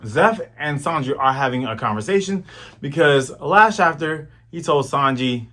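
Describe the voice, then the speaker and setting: A man's voice: mid-range voice, lively intonation, moderate pace, fairly bright tone. A man in his thirties hosting a manga review, chatty and slangy in casual commentary. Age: 30s.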